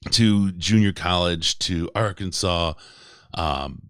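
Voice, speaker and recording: A man's voice: sits low, slow, fairly bright tone, clean tone, no echo, clean studio sound. A man hosting a casual sports podcast, rambling and joking and laughing often. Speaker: podcast host.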